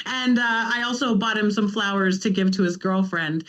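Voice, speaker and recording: A woman's voice: medium pitch, moderate pace, dull audio. A woman guest, a runner and mother, telling casual stories and animatedly acting out what people said. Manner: animated, acts out quoted lines. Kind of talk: casual storytelling.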